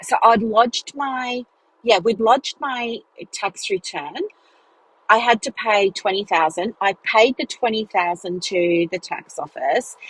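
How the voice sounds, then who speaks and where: A woman hosts her podcast in a chatty, animated storytelling style. Her voice leaps high whenever she acts out what someone said, and it has a slightly husky, breathy edge. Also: low-quality recording. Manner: animated, chatty, acts out dialogue with big pitch jumps. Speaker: business mentor and podcast host. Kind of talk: casual storytelling monologue.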